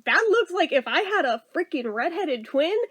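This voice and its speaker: A woman's voice: high voice, big pitch swings, moderate pace, fairly bright tone. A woman in her thirties telling a story in a casual vlog, chatty and exasperated, swearing and laughing as she goes. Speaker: vlogger.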